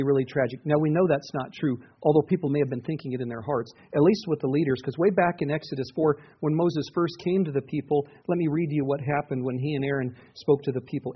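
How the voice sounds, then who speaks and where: A man's voice: a little high, slightly rough, highs cut off. A man preaching a sermon in a conversational way, often restarting his sentences as he teaches through a Bible passage. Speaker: pastor.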